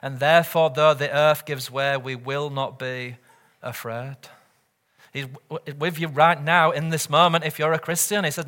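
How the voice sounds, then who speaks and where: A male pastor preaching to his congregation with a bright, somewhat high voice. He speaks earnestly and keeps turning statements into rhetorical questions. He swells louder on scripture and drops nearly to a murmur at the ends of phrases. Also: normal speed. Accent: British or Commonwealth English. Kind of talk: sermon.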